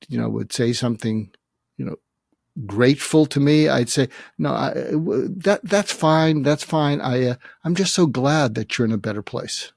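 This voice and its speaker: A man in his seventies, a psychiatrist guest, talking earnestly and haltingly in a reflective interview, emotional as he faces his own death. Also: mid-range voice, vocal fry, a little mellow, no echo, studio quality. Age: 70s. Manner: earnest, halting, many restarts and fillers.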